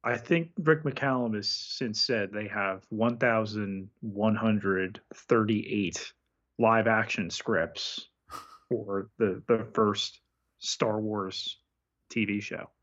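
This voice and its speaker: Slow-talking man on a lo-fi line. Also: on the low side, steady tone, a bit bright. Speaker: podcast co-host. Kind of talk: casual movie review chat.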